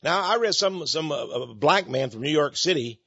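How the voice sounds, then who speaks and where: A man from Texas talks on and on in a loose, folksy monologue, speaking straight to his listeners. His voice sits a bit high and has a husky edge. The recording is dry and dull, with a lo-fi sound. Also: lively intonation, moderate pace, pushed and bright, no echo. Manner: folksy, meandering, addresses folks directly.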